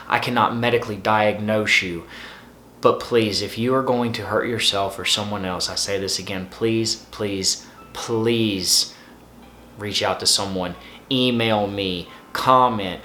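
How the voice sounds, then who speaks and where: A man's voice: fairly low pitch, bright, forceful tone, reverberant, a little hiss or hum. A man hosting his own channel, giving earnest, repetitive, pleading advice. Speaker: host.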